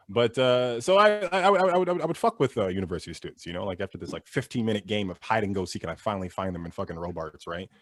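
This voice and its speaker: A young man doing an animated stand-up set over a video call, laughing at his own jokes and acting out characters. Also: on the low side, fast talker, dry recording. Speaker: stand-up comedian.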